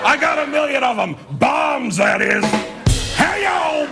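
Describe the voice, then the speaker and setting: A man voicing a gruff, hot-tempered old male politician with a gravelly, cranky, threatening way of talking. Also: very high-pitched, slow, loud music behind the voice, voice pushed up, exaggerated voice. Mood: grumpy. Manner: cranky, threatening, deadpan self-mocking. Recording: noisy studio with loud audience laughter.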